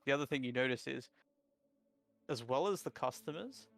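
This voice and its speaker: A man's voice: medium pitch, expressive, normal speed, vocal fry, a bit bright, no echo. Rambling male dungeon master. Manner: rambling, lots of fillers like "like". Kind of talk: narrating a tabletop game.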